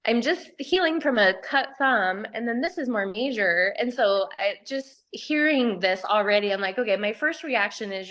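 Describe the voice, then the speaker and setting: A woman's voice: mid-range voice, expressive, normal speed, few pauses, fairly bright tone. Candid woman sharing on a video call. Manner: candid, laughs often between sentences. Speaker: group call participant. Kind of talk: casual personal sharing.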